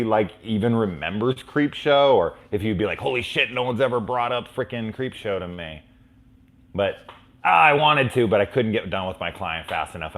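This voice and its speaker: Deep-voiced male host, loose live fan chat, swears freely, rambling anecdotes. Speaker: host of a horror movie review show. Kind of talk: casual live chat answering fan questions.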